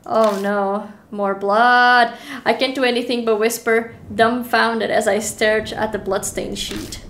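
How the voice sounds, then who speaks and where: A young woman streaming a horror game, reading the text aloud with animated, giggly reactions between stretches of calm narration. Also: on the high side, slight background noise. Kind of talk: reading a horror visual novel aloud while playing.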